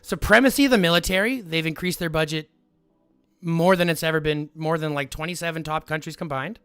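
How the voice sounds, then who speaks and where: A man's voice: a little high, fairly quick, bright, forceful tone, smooth, dry recording. Combative man lecturing his stream chat. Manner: combative, lecturing, repeats himself. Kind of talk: heated live-stream argument with chat.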